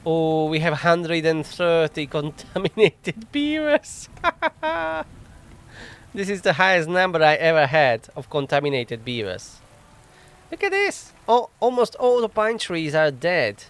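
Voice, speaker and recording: A man's voice: fairly high pitch, very animated, slow pace, a bit bright, smooth. A man hosting a casual let's play, thinking aloud as he plays, chuckling often and mocking himself wryly on a desk microphone. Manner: thinks aloud while playing. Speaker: gaming channel host.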